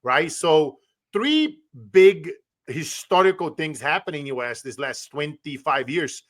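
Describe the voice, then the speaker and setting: A man's voice: on the high side, animated, measured pace. A man from Brazil, hosting a casual interview in an earnest, enthusiastic way. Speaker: host.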